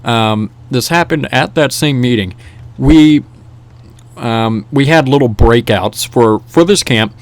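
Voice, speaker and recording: A young man telling a casual story in a rambling, animated way, with many restarts and fillers. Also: medium pitch, takes it slowly. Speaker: vlogger. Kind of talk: casual storytelling over gameplay.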